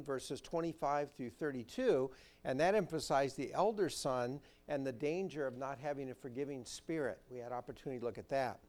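Higher-voiced man preaching a sermon. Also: darkish tone. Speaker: pastor. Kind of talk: sermon with scripture reading.

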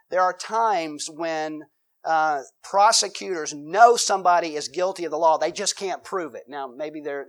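High-voiced man preaching conversationally. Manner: conversational preaching with everyday examples, acts out quoted voices. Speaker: pastor. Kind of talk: sermon.

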